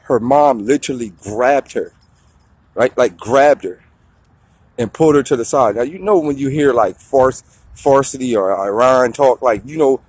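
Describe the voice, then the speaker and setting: A man telling a story in a profane, slangy, animated way on a talk show. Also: mid-range voice, no room sound.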